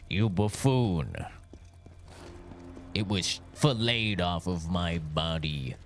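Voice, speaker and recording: A man's voice: low voice, very slow, pauses often. A man streaming a game live, chatting casually and trading crude jokes. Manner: crude joking banter. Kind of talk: casual live-stream chat while playing. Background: game music.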